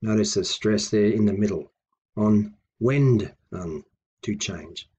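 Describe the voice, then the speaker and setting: A man's voice: fairly low pitch, steady tone, normal speed, a little mellow, husky. A man teaching a language lesson, patiently repeating each example word several times as he explains.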